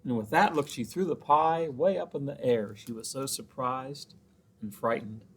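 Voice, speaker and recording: A man's voice: medium pitch, normal speed, husky. A man who is a children's librarian, reading a picture book aloud with chatty asides to the children.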